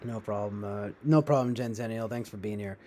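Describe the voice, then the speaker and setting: A man's voice: fairly low pitch, fairly quick, warm tone, slight background noise. A man streaming live, rambling casually with sarcastic asides and frequent laughter. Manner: sarcastic, laughs often, trails off. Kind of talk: casual rambling livestream chat.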